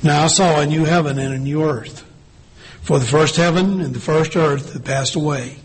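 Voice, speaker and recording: Male pastor, husky slightly raised voice, slow measured sermon delivery. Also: fairly high pitch, low-quality recording. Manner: slow, deliberate preaching with drawn-out pauses.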